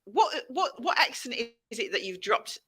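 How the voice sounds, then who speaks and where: A woman hosting a talk show, animated and quick to laugh in casual chat. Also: a little high, breathy edge. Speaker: host.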